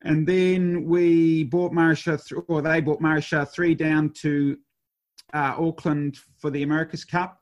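A man in his fifties, a race skipper, telling stories in a rambling way with lots of fillers and restarts. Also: a little high. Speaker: professional sailor, race skipper. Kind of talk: conversational storytelling.

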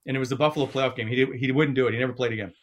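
A man's voice: mid-range voice, very fast. A man hosting a casual sports podcast, telling stories and acting out quotes. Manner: storytelling, animated with quoted voices. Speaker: podcast host.

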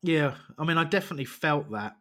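A man's voice: on the high side, expressive, fast talker, a bit bright. A man hosting a football podcast in casual chat, wry and self-deprecating, irritable from quitting vaping. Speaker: podcast host.

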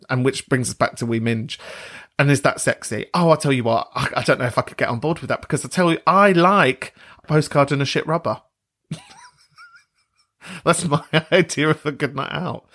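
A man's voice: medium pitch, a bit bright. Camp gossipy guy hosting a podcast, voice bouncing all over the place. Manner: camp, gossipy, drops slang and teasing asides. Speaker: podcast host. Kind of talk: casual chat.

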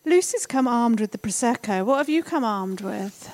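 A woman's voice: a little high, expressive, moderate pace, darkish tone. A woman hosting a casual chat, bubbly and exclamatory. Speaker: podcast host.

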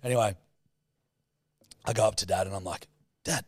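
An Australian man co-hosting a podcast, telling animated stories full of swearing and voice impressions in casual chat. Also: low voice, a little fast, no room sound. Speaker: podcast co-host.

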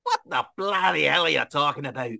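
A cranky dwarf gambler, put on by a man who pushes his voice well up into a strained, higher register. He rants and scolds in exasperation, with his sound held apart from his usual tone. The recording is dry and close, with no room around it. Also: animated, fairly quick, vocal fry, pushed and bright, no room sound, exaggerated voice. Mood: exasperated. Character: gruff grumbling male dwarf gambler.

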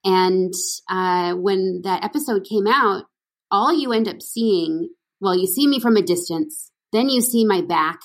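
A woman's voice: mid-range voice, a little slow. A woman from Canada, an actress, chatting as an interview guest, laughing often and talking with many fillers and restarts. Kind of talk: casual interview chat.

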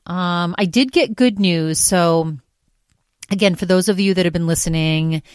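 A woman's voice: on the low side, unhurried, smooth, no echo, clean studio sound. A woman hosting her own podcast, talking in a rambling, exasperated way full of fillers. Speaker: podcast host. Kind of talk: casual solo podcast monologue.

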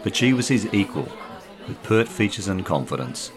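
A man reads his own short story in a measured, clear way. His voice sits very low. His intonation still swings in a lively way. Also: a crowd in the background. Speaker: author and narrator.

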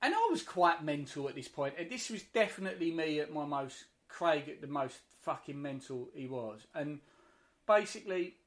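A man's voice: on the high side, lively intonation, normal speed, fairly bright tone. Man chatting on a video call. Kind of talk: casual chat.

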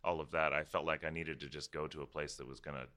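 Young guy with a super deep voice, smooth and clear, chatting loose with lots of ums. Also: fast. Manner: relaxed, hesitant with many fillers. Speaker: interview guest, opera singer. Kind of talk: casual conversation.

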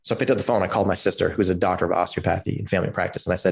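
Animated lower-voiced man from California. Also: very fast, gravelly, breathy edge. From California, USA. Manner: animated storyteller who acts out quotes, many "like" and "you know" fillers. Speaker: podcast guest. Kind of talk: personal storytelling in a podcast interview.

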